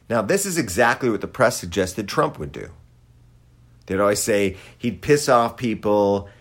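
A man delivering a satirical political monologue with sarcastic, dry asides. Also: fairly low pitch. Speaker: commentator.

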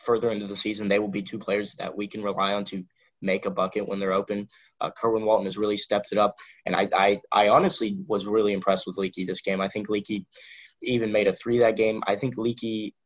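A man's voice: fairly low pitch, slightly rough, muffled recording. A man co-hosting a podcast, talking basketball in a rambling casual chat with many restarts. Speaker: podcast co-host.

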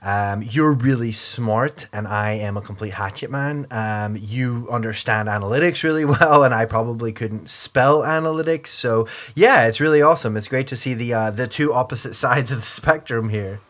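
An American podcast host whose accent carries a partial Northern Irish twang keeps things chatty and joking, laughing often and putting on playful mock outrage. He speaks at a normal speed in a mid-range, slightly bright voice with few pauses.

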